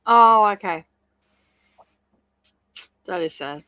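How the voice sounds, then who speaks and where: A woman's voice: mid-range voice, animated, extremely slow, clear, resonant tone, no echo, dull audio. A woman hosting a casual livestream chat from home, chatty and giggly, often rambling. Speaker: livestream host.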